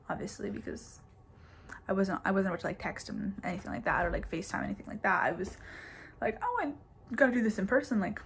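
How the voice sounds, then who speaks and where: Young woman vlogger, twenties, casual storytime delivery, filler-heavy, mid-pitched voice. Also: a little hiss or hum. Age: 20s. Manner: chatty, says "like" constantly, laughs between bits.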